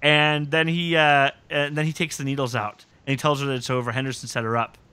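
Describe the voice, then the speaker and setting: A man's voice: mid-range voice, brisk, clean tone, dry recording. A man hosting a podcast, recapping episodes in casual chat and eagerly quoting scenes with joking relish. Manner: animated storytelling, quotes scenes with relish. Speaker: podcast host.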